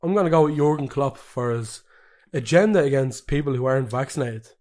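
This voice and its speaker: A man's voice: medium pitch, a little fast, a little mellow. A man co-hosting a football podcast, chatting casually and joking often. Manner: jokey, laughs often. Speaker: podcast co-host.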